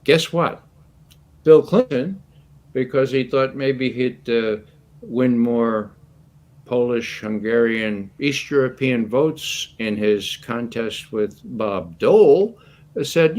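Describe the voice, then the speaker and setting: A man in his eighties, a guest commentator, telling stories in an animated, anecdotal way and chuckling often. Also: medium pitch, slow pace. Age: 80s. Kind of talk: casual storytelling commentary.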